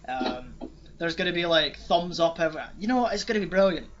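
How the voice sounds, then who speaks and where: Male podcast host, higher-pitched, rambling and self-mocking, dull lo-fi audio. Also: lively intonation, a little fast, noisy background. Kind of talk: casual chat. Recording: dull lo-fi sound.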